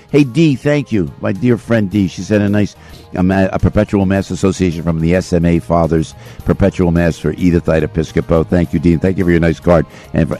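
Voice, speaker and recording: Animated older male talk radio host. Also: sits low. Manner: animated, jokey, swings loud and soft. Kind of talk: talk radio chat and live read. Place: radio studio. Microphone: studio microphone.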